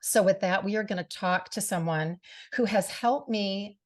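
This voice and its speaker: A woman's voice: mid-range voice, moderate pace, a little mellow. A middle-aged woman hosting a radio show and podcast, speaking earnestly and from the heart to her listeners, often saying "you know". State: briefly tearful. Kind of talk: personal monologue to listeners.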